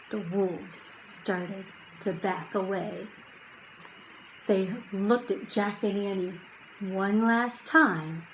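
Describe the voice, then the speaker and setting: A woman reading a children's chapter book aloud, slow and hushed at quiet moments and lifting her voice for drama. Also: medium pitch, a little hiss or hum, low-quality recording. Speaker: audiobook reader.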